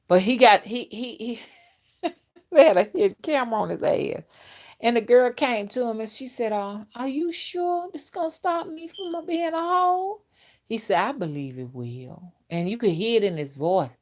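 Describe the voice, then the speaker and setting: Blunt woman, crude and laughing. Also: medium pitch. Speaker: spiritual reader. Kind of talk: casual monologue.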